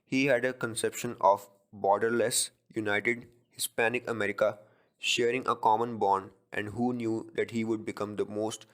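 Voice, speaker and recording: A man giving a read-aloud class presentation in a measured, formal way. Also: fairly low pitch, fairly bright tone.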